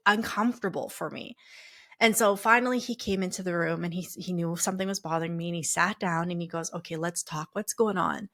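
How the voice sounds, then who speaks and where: A woman's voice: medium pitch, a bit bright. Candid chatty woman podcast host. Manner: candid, chatty, many fillers and restarts. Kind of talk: personal storytelling monologue.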